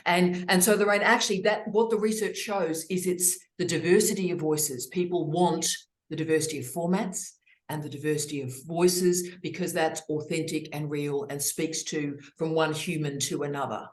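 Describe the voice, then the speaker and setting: A woman's voice: sits low, moderate pace, reverberant. Effusive middle-aged woman hosting a webinar. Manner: effusive and expressive. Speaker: host. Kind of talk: casual webinar discussion.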